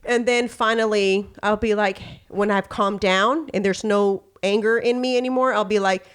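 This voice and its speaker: A woman from Texas hosts a podcast in a smooth, mid-range voice with fairly even intonation and a moderate pace. Chatting candidly and casually, she uses lots of filler phrases and acts out pieces of dialogue as she goes.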